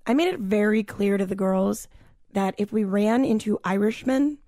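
Young woman, mid-pitched, blunt and profane storyteller, dry close sound; podcast co-host. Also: normal speed, no echo. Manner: blunt, swears freely, animated retelling. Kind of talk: casual chat, storytelling.

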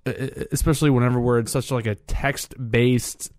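A man's voice: medium pitch, steady tone, fairly quick, a little mellow, no room sound. Young guy rambling in a chat, restarts a lot, dry sound. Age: young adult. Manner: rambling, restarts his thoughts. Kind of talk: casual chat.

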